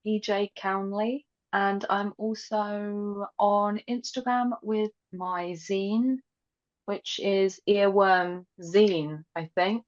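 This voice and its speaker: A woman's voice: medium pitch, fairly even intonation, very slow, lo-fi sound. A woman guest on a podcast, talking casually in a cheeky way, laughing and swearing.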